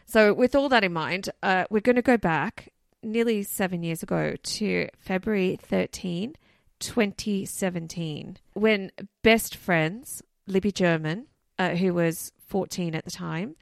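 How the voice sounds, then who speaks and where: A woman's voice: fairly low pitch, vocal fry, dry recording, studio quality. A woman co-hosting a podcast, telling a case in a chatty, loose way full of asides. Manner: chatty, loose, many "you know" and "like" asides. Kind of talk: casual storytelling chat.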